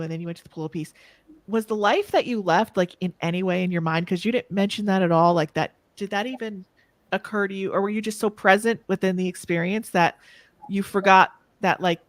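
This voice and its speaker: A woman's voice: fairly low pitch, no echo. Woman host, casual chat, lots of ums and likes, dry close sound. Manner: chatty and open, many fillers, asks long questions. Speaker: podcast host.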